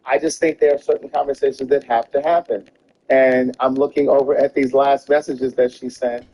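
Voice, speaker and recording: A man's voice: medium pitch, flat delivery, normal speed, mellow, slight background noise, low-quality recording. A man in casual podcast chat, talking emphatically and profanely with hesitant ums.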